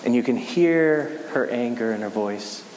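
A man preaching a casual sermon, talking in a conversational, halting way with frequent restarts. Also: mid-range voice, animated, darkish tone. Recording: echoey hall with faint hiss.

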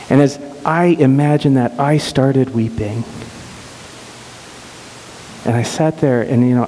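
A middle-aged man telling an emotional personal story earnestly, often halting and repeating words. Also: medium pitch, warm tone. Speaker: speaker sharing a personal story. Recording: reverberant hall with faint hiss.

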